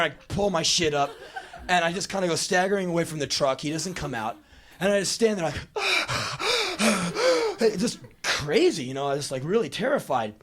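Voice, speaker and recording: A man in his twenties from the United States telling a profane story live on stage, jumping into shouted impressions. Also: on the high side. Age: 20s. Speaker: spoken word performer. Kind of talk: live spoken word storytelling. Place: small live music venue.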